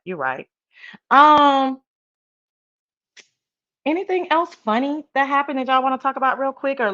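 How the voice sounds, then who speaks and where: A sassy woman chats casually with her live-stream viewers in a playful, slang-heavy style. Her pitch swings widely as she talks. The sound is dull and lo-fi. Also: a bit bright. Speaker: live-stream show host.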